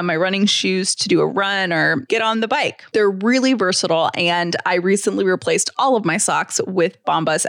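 A woman's voice: medium pitch, a bit bright, dry recording, clean studio sound. A podcast host, a woman, reading a sponsor ad in an upbeat, chatty way. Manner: enthusiastic, chatty. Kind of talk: upbeat ad read.

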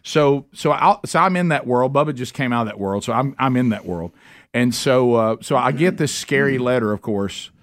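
A man's voice: mid-range voice, animated, moderate pace, no echo, clean studio sound. A middle-aged man, hosting a comedic talk radio show and telling rambling stories with lots of restarts.

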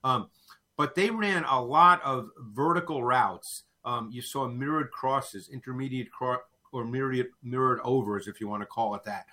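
A man's voice: medium pitch, normal speed, pushed and bright. A man who analyzes football in a casual talk, thoughtful, often repeating words as he starts a sentence.

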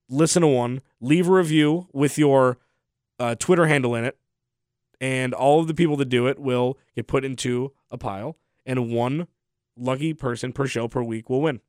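A man's voice: medium pitch, darkish tone, no echo, studio quality. A young adult man hosting a sports podcast, talking casually with a sore throat, rambling and trailing off at the ends of phrases. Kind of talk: casual solo podcast talk.

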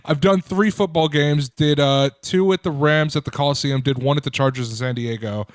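A man's voice: on the high side, normal speed, dry recording. A man chatting on a podcast with a dry, sarcastic edge, listing places he has been. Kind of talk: casual chat.

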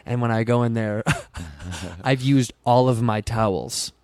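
A man's voice: medium pitch, unhurried, slight background noise. A young man telling a rambling party story in casual chat, acting out the voices of people he quotes. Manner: animated storyteller, acts out quotes in raised voice.

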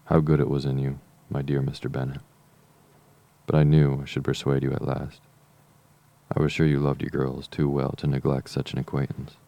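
A fretful, excitable middle-aged mother who complains about everything, as read by a man. The voice stays extremely deep and gravelly with a flat line, and she is barely acted apart from the narration. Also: moderate pace. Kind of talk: audiobook reading.

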